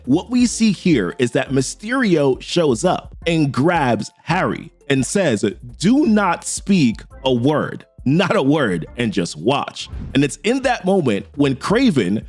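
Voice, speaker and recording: A man recaps a comic story in a loose, slangy way, his fairly high voice swinging up and down with energy. He acts out the characters' lines as he goes. Faint music plays underneath him. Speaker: comic book recap host.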